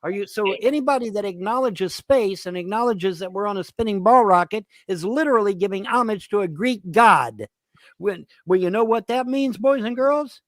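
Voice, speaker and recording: A man's voice: high voice, no echo. Profane ranting man with a dry sound. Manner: profane, repetitive, halting with fillers. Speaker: host. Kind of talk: ranting commentary.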